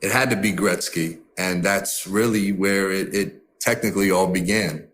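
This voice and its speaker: A man speaking in a documentary clip, talking in a halting, awkward way. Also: low-pitched, fairly even intonation, reverberant. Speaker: documentary interviewee. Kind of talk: documentary talking head and archive speech. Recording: documentary clip with loud music bed.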